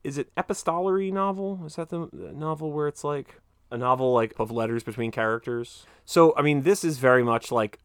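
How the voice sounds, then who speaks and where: A man's voice: medium pitch, brisk, clean tone, dry recording, studio quality. A man hosting a podcast in casual chat, telling stories animatedly and swearing freely. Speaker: podcast host.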